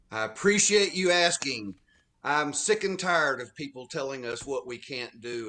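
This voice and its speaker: A man from Texas speaks as a guest author on a talk radio show, his pitch sitting in the middle of the range. He tells his stories earnestly and steadily. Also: sharp tone. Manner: earnest storytelling. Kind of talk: phone-in radio interview.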